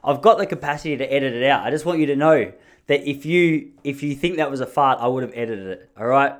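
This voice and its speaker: A man's voice: medium pitch, fast. A man in his thirties with an Australian accent, hosting a podcast and telling rambling, jokey stories in a casual chat. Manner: chatty, rambling, jokey storytelling. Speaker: podcast host.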